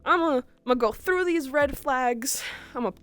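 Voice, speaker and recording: A woman's voice: sits high, fairly bright tone, soft background music. A woman mocking an oblivious delivery guy. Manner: mocking, drawn-out. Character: careless male delivery driver, cheerfully oblivious.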